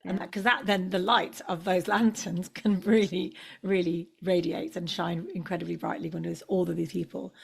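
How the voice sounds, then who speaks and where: A woman hosting a spiritual interview, talking in a halting way with many restarts and fillers. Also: lowish voice, level tone, gravelly, breathy edge. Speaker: podcast host. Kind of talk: casual spiritual interview chat.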